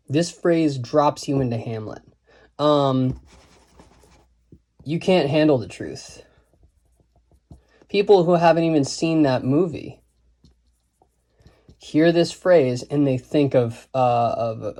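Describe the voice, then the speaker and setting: A man's voice: fairly high pitch, mellow. A man giving a casual, digressive lesson on writing, thinking aloud and reciting quotes and lines of verse. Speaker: writing teacher.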